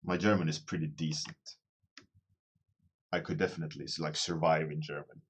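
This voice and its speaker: A man's voice: very deep voice, steady tone, a little fast, slightly rough. A man casually chatting with viewers during a livestream, rambling and self-deprecating, often restarting his phrases as he thinks aloud. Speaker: artist streaming a daily warmup.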